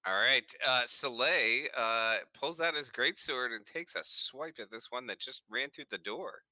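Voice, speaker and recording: A man taking his turn as a player in a tabletop game, relaxed and hesitant. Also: medium pitch, measured pace, no echo.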